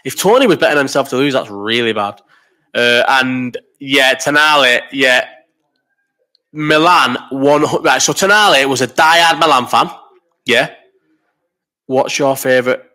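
A man in his thirties hosts a live stream, chatting loosely and swearing as he works through viewers' comments. His voice is bright and forceful. He is ill with a cough, and the delivery wanders from one tangent to the next. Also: mid-range voice, measured pace, long pauses. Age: 30s. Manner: sweary, rambling banter. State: sick with a cough. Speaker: live chat host. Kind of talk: casual live-stream chat reading comments. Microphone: desk microphone.

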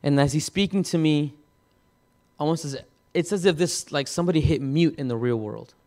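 A man preaching, telling a personal story in a halting way, with many repeated words and restarts. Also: on the high side, darkish tone. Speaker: pastor. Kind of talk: sermon testimony.

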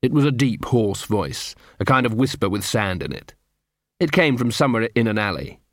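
A man narrating an audiobook, telling a comic story in an even, dry manner on a close studio mic. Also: fairly low pitch, normal speed, no echo. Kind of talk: scripted narration.

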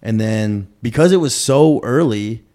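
A young man from Chicago telling stories in a relaxed, slangy chat full of fillers. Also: medium pitch, a little slow. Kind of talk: casual chat.

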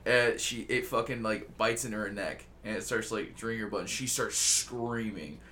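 A man's voice: lowish voice, fairly even intonation, normal speed, sharp tone, a little hiss or hum. A male podcast host telling a rambling story in casual chat, joking and swearing constantly. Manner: rambling, profane and jokey.

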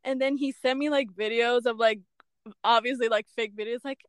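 A young woman with a high, bright voice tells a story on a casual podcast. She is animated, scatters "like" and "bruh" through her lines, and acts out what people said. The sound is close and dry. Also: normal speed, clean tone, no echo. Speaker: podcast co-host.

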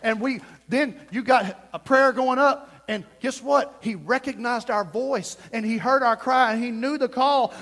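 A man preaching a fervent sermon as pastor, dropping to a hush and then rising to shouts. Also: extremely high pitch, unhurried, hardly any pauses. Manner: fervent, swings from hushed to shouting.

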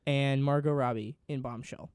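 A man's voice: mid-range voice, steady tone, normal speed, darkish tone, clear, resonant tone, no echo. A man co-hosting a podcast, chatting casually and reading off a list of nominees. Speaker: podcast co-host. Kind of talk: casual chat.

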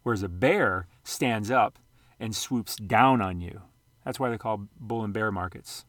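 Low-voiced man, casual rambling vlogger. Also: measured pace, fairly bright tone, dry recording, clean studio sound. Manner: rambling, self-correcting, jokey. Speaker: sports card and investing vlogger. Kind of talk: casual screen-share commentary.

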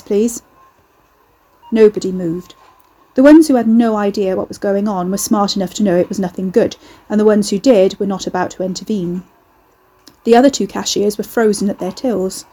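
A woman reading a novel aloud in steady scripted narration. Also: mid-range voice, husky, rough recording. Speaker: audiobook narrator.

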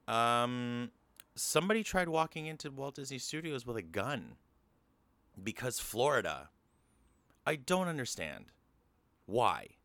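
Low, smooth-voiced man ranting casually. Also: a bit bright, no room sound. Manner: casual and ranting, with frequent fillers and swearing. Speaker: podcast host. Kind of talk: casual news commentary.

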